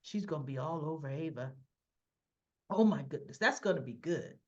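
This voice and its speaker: A woman giving a casual, chatty recap of a soap episode, addressing her viewers directly in an animated, gossipy way. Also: deep voice, moderate pace, highs cut off. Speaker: soap opera recap vlogger.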